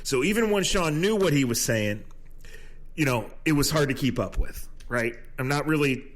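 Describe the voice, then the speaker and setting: A man's voice: on the high side, expressive, normal speed. A man co-hosting a podcast, telling sports stories in casual chat with frequent laughs. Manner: laughing storyteller, trailing off. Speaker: podcast co-host.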